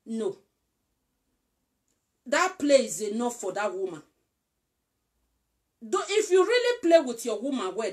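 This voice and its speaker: Coaxing Nigerian woman, higher voice. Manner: repetitive, coaxing, often checks "you understand?". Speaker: relationship advice vlogger. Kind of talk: casual instructive talk.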